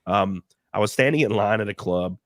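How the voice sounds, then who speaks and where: A man's voice: on the low side, moderate pace, no room sound, clean studio sound. A man with a cold hosting a casual live stream chat, rambling, laughing often and reading out viewer donations. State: sick with a cold. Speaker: stream host.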